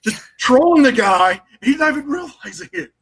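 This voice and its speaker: A man hosting a casual live stream chat, retelling courtroom moments in an animated storytelling way. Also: very high-pitched, a little fast, gravelly.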